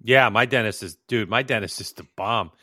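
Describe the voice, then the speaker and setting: A man's voice: lowish voice, normal speed, sharp tone, dry recording, clean studio sound. A man co-hosting a podcast, chatting casually and teasing with jokes. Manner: joking, teasing banter. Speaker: podcast co-host. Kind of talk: casual chat.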